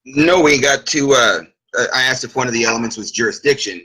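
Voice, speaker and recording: A man's voice: medium pitch, a little fast, bright, forceful tone, husky, low-quality recording. A man taking part in a practice session over an online voice chat, answering hesitantly and restarting his phrases. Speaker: student. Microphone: online voice chat mic.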